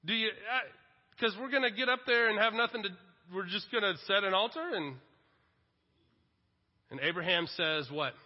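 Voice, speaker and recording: A man in his forties preaching a sermon, telling the story in an animated way with self-deprecating humor. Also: sits high, normal speed, long pauses. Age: 40s. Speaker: pastor. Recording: dull echoing hall recording.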